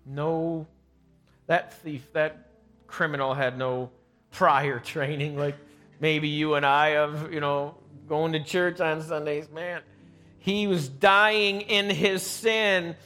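A man's voice: on the high side, fairly even intonation, slow, sharp tone, faint music behind. A man preaching a sermon live in a church, telling the story dramatically and acting out the quoted voices. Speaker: pastor. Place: church sanctuary, recorded live.

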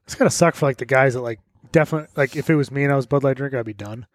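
A man co-hosting a casual podcast, swearing and trading quick stories. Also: medium pitch, no echo, studio quality. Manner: profane, quick banter. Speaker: podcast co-host. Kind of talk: casual chat.

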